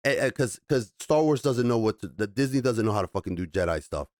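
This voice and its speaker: A man giving a casual spoken TV review, animated and swearing often. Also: on the low side, a little fast, no echo, studio quality.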